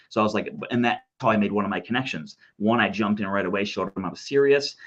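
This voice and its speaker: A man, a podcast guest, telling a long story in a rambling, animated way, acting out other people's lines. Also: lowish voice, fast, few pauses, highs cut off. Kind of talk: casual interview talk.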